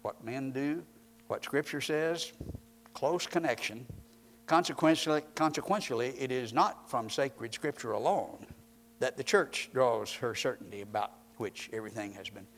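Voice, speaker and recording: A man preaching a sermon, emphatic and rising in force on repeated points, quoting scripture at a slower, measured pace. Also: mid-range voice, slight background noise.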